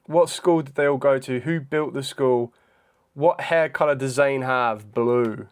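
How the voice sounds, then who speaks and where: Slow, hesitant young male streamer. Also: mid-range voice, clear, resonant tone. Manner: thinks aloud, hesitant, frequent ums. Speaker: live streamer. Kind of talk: casual live-stream chat during a trivia quiz.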